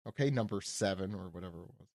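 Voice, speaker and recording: A man's voice: deep voice, animated, fast, darkish tone, no echo, studio quality. A man chatting as a podcast panelist, casual and self-correcting. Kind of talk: casual chat.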